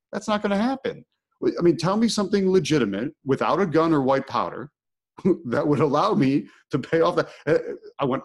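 Man telling a lively personal story. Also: mid-range voice, brisk. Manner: animated, acts out his own inner thoughts. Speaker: podcast host. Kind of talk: storytelling in casual conversation.

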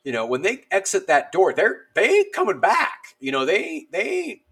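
Animated male army veteran telling stories. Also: sits high, normal speed, vocal fry, husky. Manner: animated, acts out dialogue, lots of fillers. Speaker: podcast guest, army veteran. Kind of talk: casual storytelling.

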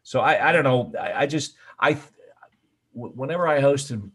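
An older man, a veteran sports broadcaster, telling stories as a guest in a casual podcast chat, animated with frequent restarts and bursts of emphasis. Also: mid-range voice, normal speed, breathy edge.

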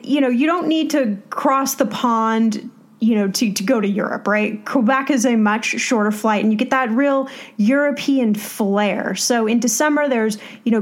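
A woman from the United States co-hosting a casual travel podcast, chatty and full of "you know" and "like". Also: fairly high pitch. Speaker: podcast co-host.

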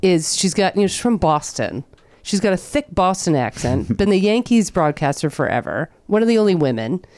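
A woman's voice: on the low side, big pitch swings, a little fast, darkish tone, no echo, clean studio sound. A woman hosting a podcast in casual chat, talking sports with strong opinions and jumping between tangents. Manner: chatty, jumps between tangents. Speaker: podcast host.

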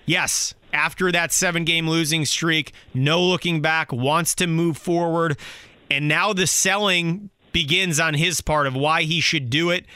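A man hosts a sports talk radio show with a bright, forceful tone. His voice is fairly high, and the studio sound is dry and close. He runs the segments briskly. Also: smooth, no room sound.

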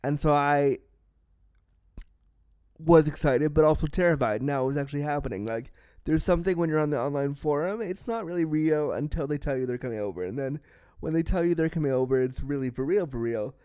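A man's voice: on the high side, fairly quick, a little mellow, clean tone, no echo. A man hosting a podcast, telling a candid personal story in a frank, self-deprecating way, swearing freely and acting out the people in it. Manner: acts out the people in his story. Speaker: podcast host.

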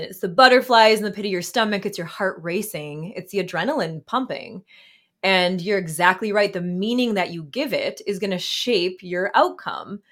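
A woman in her thirties, a therapist and author, is a guest in a casual interview. She speaks in a mid-range voice, reflectively, with frequent fillers and soft laughs.

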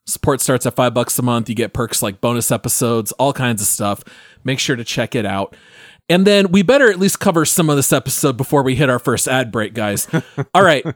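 A man's voice: mid-range voice, dry recording. Guy hosting a gaming podcast, jokey, voice jumps around a lot, dry close sound. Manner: jokey, runs the housekeeping and plugs. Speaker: podcast host. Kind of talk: casual podcast chat.

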